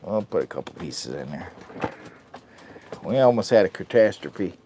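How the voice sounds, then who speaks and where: A man's voice: low-pitched, big pitch swings, moderate pace, noisy background. A man hosting a casual livestream from a hot tent, hyper and self-mocking as he talks to his chat. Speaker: livestream host. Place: hot tent while camping in wind and rain.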